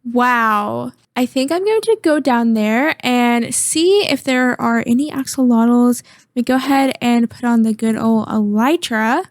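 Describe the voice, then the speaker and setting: A woman's voice: on the high side, a little slow, dry recording. A woman hosting a gaming video, chatting casually and thinking aloud as she plays. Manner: chatty, thinks aloud, squeals excitedly at cute finds. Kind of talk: casual gameplay commentary.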